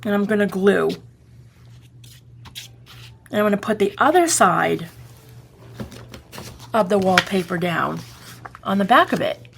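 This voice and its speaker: Boston-accented woman, craft-tutorial host, a bit of gravel in her voice, rambles and self-corrects as she works. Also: medium pitch, expressive, a little slow, pauses often, slight background noise. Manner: chatty, rambling, self-correcting, often checking the viewer follows. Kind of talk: casual step-by-step crafting tutorial.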